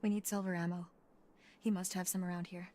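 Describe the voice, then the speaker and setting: A woman's voice: fairly low pitch, little pitch movement, a little fast, dark tone, close to an everyday voice. An actress voicing a determined young woman in a video game, speaking with resolute urgency.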